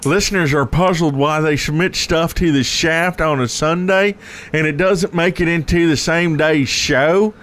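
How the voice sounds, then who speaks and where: A man puts on a campy, flirty voice and reads listener notes in a theatrical, teasing way. The voice sits a touch higher than his usual talk. It is played for laughs on a chat podcast. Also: measured pace, a bit bright. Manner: teasing, theatrical, slightly raised voice. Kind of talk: comic podcast bit.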